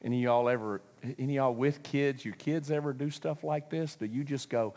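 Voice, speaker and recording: A man's voice: mid-range voice, brisk, hardly any pauses, a little mellow, long reverb tail. A man preaching a sermon, telling the story with humor, acting out voices and laughing often.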